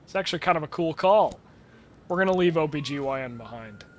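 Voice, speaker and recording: A man's voice: on the high side, lively intonation, a little fast. A young man with a stuffed-up nose giving rambling, wry, sweary commentary while he streams a game. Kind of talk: casual gameplay commentary.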